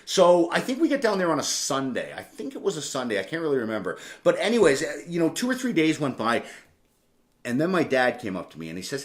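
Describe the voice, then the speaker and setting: A man's voice: a little high, very animated, fast. A man in his forties, a podcast host, telling a candid personal story in a casual, conversational way with frequent asides and casual swearing.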